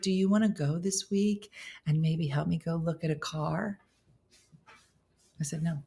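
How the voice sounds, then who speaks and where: A woman's voice: fairly low pitch, noisy background. A middle-aged woman hosting a casual morning show, joking with viewers while she cooks. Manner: animated, jokey, talks to viewers while cooking. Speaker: host.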